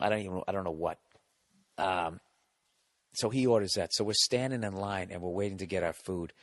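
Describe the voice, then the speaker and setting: A man hosting a podcast, telling a rambling, profane, animated comedic story into a studio mic. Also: deep voice, no room sound. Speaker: podcast host. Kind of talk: casual comedic storytelling monologue.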